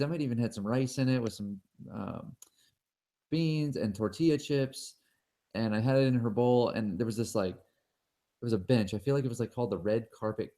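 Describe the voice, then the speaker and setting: Relaxed man telling trail stories. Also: on the low side. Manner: relaxed storyteller, animated when quoting. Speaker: guest. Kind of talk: casual interview storytelling.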